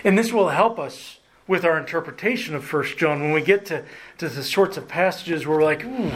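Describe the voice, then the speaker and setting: A man preaching a sermon as pastor, earnest, slowing down and lifting his voice to stress key words. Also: on the high side, expressive, a little hiss or hum, poor audio. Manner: earnest preaching, slows and rises for emphasis, occasional restarts.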